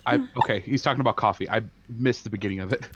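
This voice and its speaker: A man's voice: lowish voice, racing, highs cut off, very noisy. Matter-of-fact man playing a tabletop game. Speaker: player.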